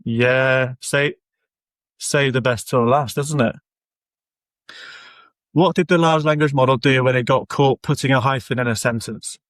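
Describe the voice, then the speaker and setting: A man's voice: mid-range voice, a little slow, pauses often, no room sound. A man co-hosting a comedy podcast in casual chat, speaking hesitantly with many restarts and apologies.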